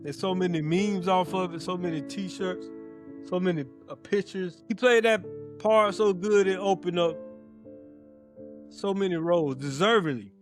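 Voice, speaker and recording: High-voiced man retelling movie scenes. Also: moderate pace. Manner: animated retelling of scenes, repeats himself. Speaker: podcast co-host. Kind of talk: casual chat ranking movies. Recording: faint guitar music behind.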